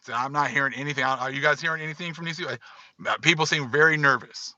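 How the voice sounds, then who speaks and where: Forceful man giving emphatic commentary. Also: fairly high pitch, fast talker, dry recording, muffled recording. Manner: emphatic, repetitive, talks straight to viewers. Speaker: online commentator. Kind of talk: casual livestream commentary.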